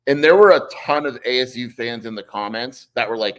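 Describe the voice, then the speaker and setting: A man's voice: mid-range voice, fairly quick, poor audio. A man co-hosting a live sports talk show in a mid-range voice. He is blunt and matter-of-fact as he breaks down the football talk.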